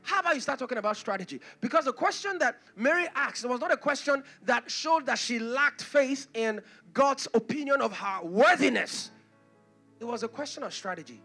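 High-voiced impassioned pastor. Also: male voice, expressive, fairly quick, soft background music. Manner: impassioned preaching, rising to shouts, with acted asides. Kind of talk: sermon.

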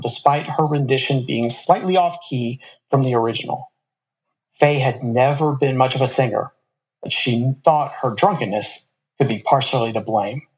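Brief: male storyteller, mid-pitched voice, relaxed reading with casual asides. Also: poor audio. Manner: casual asides between passages.

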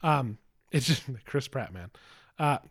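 Male podcast co-host, a bit high-pitched, rambling and profane, slips into mocking voices. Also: expressive, normal speed, fairly bright tone. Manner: rambling, profane, mocks others in quoted voices. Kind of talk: casual chat.

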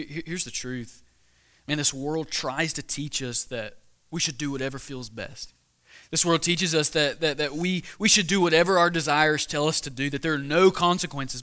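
A man's voice: on the high side, sharp tone. A young man preaching a weekly sermon in a casual, conversational way, asking the crowd questions and often restarting his sentences. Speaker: pastor.

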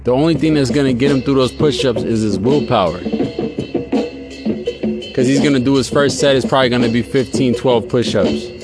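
A man's voice: medium pitch, fairly quick. A man hosting a podcast in a casual, profane, rambling monologue. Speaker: podcast host. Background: loud music beat.

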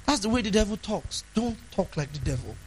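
A man preaching a sermon, emphatic, asking the congregation questions and swinging between loud declarations and hushed asides. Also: high-pitched, big pitch swings, a little fast, husky, low-quality recording.

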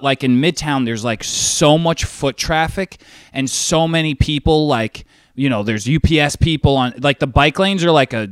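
A young man telling a profane, animated story in casual chat. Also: medium pitch, dry recording, clean studio sound. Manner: profane, animated storytelling, says dude a lot.

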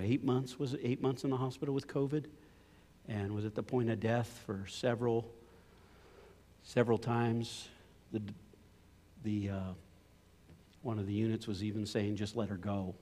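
A middle-aged man preaching a sermon as a pastor, swinging from loud impassioned pleading to low, quiet storytelling. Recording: long hall reverb.

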